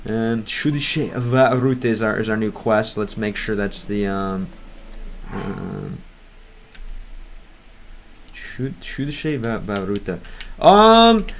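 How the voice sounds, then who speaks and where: A man's voice: fairly low pitch, animated, takes it slowly, gravelly, slight background noise. American man chatting through a game stream. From United States. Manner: rambling, hesitant, sounds out foreign words. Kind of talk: livestream gameplay chat.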